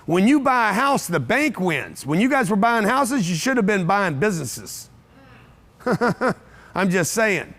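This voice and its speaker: Brash seminar speaker, man, high pitch, blunt and profane, talks to a live crowd. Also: a bit bright. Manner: brash, blunt and profane, with repeated rhetorical questions. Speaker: motivational speaker. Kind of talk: live seminar talk to an audience. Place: event room with a live audience.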